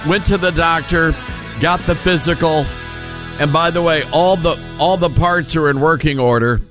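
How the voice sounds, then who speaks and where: A man's voice: fairly high pitch, a bit bright, no room sound. A man hosting a conservative talk radio show from a studio, telling folksy joking stories with a froggy voice from the flu. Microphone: studio mic.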